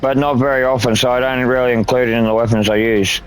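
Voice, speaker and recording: Australian male gamer, young, crude running commentary, swears a lot, mid-pitched. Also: steady tone, fast, clean tone, soft background music. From Northern Territory, Australia. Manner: crude, swears freely, rambling asides. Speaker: gaming streamer. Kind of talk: casual gameplay commentary.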